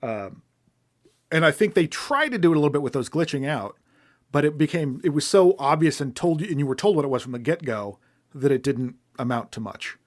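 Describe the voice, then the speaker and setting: A man's voice: a little high, lively intonation, fairly quick. Meandering male podcast co-host. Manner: meandering, thinks aloud while critiquing. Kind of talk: casual film-review chat.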